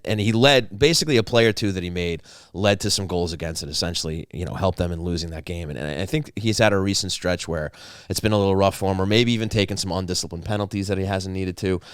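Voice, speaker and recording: A man co-hosting a sports talk show, sarcastic, rambling and quick to laugh. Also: low-pitched, smooth, dry recording, studio quality. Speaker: podcast co-host. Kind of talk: casual sports chat.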